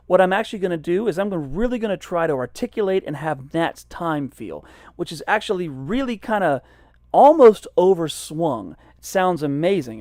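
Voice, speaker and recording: A man's voice: a little high, no echo. Man teaching jazz, dry close sound. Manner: relaxed, self-deprecating, explains as he goes. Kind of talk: casual instructional talk.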